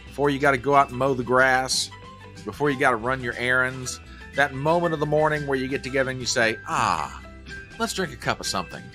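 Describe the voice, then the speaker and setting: A man's voice: medium pitch, pushed and bright. A man hosting a casual live stream, chatting and joking and greeting viewers by name. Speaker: livestream host.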